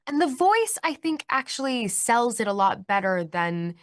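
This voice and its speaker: A woman in her twenties giving a press interview, bubbly and animated, laughing often. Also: a little high, normal speed, no room sound. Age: 20s. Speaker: actress being interviewed.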